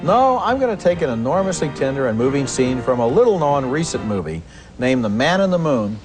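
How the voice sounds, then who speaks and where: A man's voice: mid-range voice, very animated, a little fast, over music. A man co-hosting a TV film review show, speaking in an eager, enthusiastic way. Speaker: film critic, co-host.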